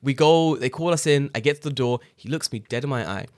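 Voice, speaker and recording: A man from England chatting casually, telling animated stories full of swearing. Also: medium pitch, brisk, no echo. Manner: swearing, animated storytelling with laughs. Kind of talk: casual chat. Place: living in Japan.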